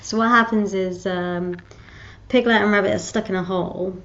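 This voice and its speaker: A woman vlogger talks casually to her viewers in a middle-pitched voice. She rambles, restarts her sentences and giggles often. The recording sounds dull and lo-fi. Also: steady tone, normal speed, a bit bright. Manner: rambling, giggly, self-interrupting. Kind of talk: casual chat to camera.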